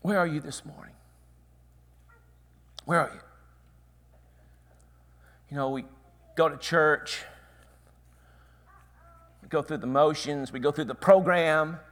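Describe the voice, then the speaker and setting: Dramatic, slow-paced male preacher. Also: a little high. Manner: dramatic swings from hushed whispers to loud cries. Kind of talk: sermon.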